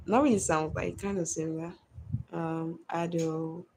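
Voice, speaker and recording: A Nigerian woman hosts a relaxed live stream, reading out viewer comments and answering them in a chatty way. Her voice sits lowish and has a gravelly edge. Faint noise runs under the recording. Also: a little slow. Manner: chatty, greets viewers by name.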